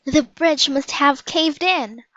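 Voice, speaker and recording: A woman's voice: high-pitched, slow, no room sound, highs cut off, pitched above the performer's own voice. A woman voicing a bold, eager young girl in a storybook, crying out urgently. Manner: urgent, excited cries.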